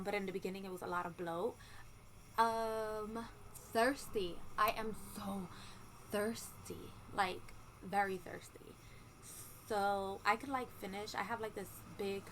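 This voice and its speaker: A woman's voice: mid-range voice, fairly bright tone, poor audio. A woman vlogging casually at home, chatting candidly with lots of ums and likes and the odd swear word. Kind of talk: casual pregnancy update vlog. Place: home room with a ceiling fan running. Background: faint ceiling fan hum.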